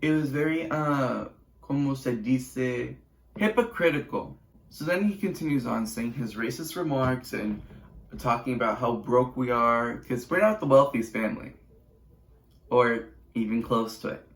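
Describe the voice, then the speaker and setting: A man's voice: medium pitch, measured pace. A teenage boy YouTuber telling a casual storytime vlog with chatty, sarcastic asides and rambling restarts. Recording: roomy echo.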